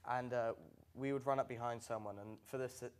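A young man, a talk show guest, telling stories in a relaxed, jokey way with casual fillers. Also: mid-range voice, a little fast, clear, resonant tone. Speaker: guest, charity prankster. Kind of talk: casual chat.

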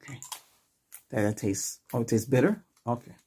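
A man in a whispered role-play as a doctor, talking softly and gently and checking in with short questions, close to the microphone. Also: mid-range voice, lively intonation, normal speed, slightly rough.

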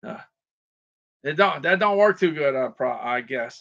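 A man's voice: high-pitched, expressive, moderate pace, sharp tone, lo-fi sound. A man hosting a casual livestream, rambling, repeating himself and greeting viewers by name. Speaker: livestream shopping host.

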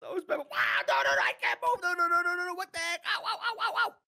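A woman voicing an excitable male game player who panics easily and yelps in repeated bursts. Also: extremely high pitch, very fast, heavily acted. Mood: panicked. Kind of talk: game video role-play.

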